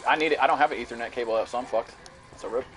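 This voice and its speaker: A young man streaming a shooter game, ranting and cursing at the lag and at enemies, yelling now and then. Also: mid-range voice, racing. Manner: profane, frustrated, rants and yells at the game. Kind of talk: live gameplay commentary. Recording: music playing behind the voice.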